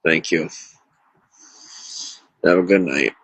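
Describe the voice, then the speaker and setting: On a solo livestream, a man rambles tearfully in distress, stumbling over fillers and cutting in on himself. He speaks slowly in a low-pitched voice that's fairly bright with a breathy edge. The recording is dry and low in quality.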